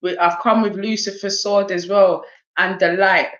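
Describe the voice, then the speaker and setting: A woman with a South East London accent gives an oracle card reading during a casual livestream chat, animated and laughing, throwing in streetwise slang and swearing. Her mid-range voice moves at a moderate pace, and the highs are cut off.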